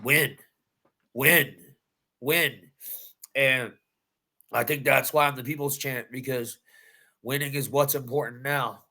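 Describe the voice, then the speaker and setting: A man's voice: mid-range voice, fairly even intonation, normal speed, creaky, sharp tone. A man, a bare-knuckle fighter, recounting his win in a post-fight interview with intense, emphatic storytelling and repeated phrases. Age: adult.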